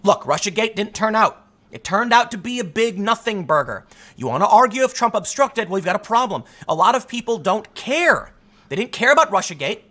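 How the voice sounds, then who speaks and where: A man's voice: high-pitched, very animated, a little fast, bright, forceful tone. A man hosting solo political commentary, talking emphatically and arguing his point. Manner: emphatic, argumentative, acts out quotes in other voices.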